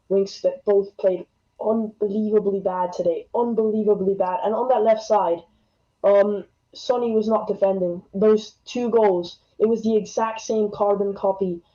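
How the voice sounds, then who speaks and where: A man's voice: sits high, warm tone. A fourteen-year-old American boy calling in with a slight English twang, earnest and hedging with ums. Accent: American with some English twang. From United States. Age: teens. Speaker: caller. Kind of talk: football opinion call-in. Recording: dull lo-fi call audio.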